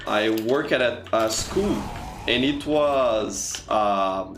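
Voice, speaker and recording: A man's voice: mid-range voice, slow, noisy background. A man from Brazil, chatting casually while streaming a game, greeting viewers and filling with "you know". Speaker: streamer and teacher. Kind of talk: casual live-stream chat over gameplay. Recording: echoey room with faint music.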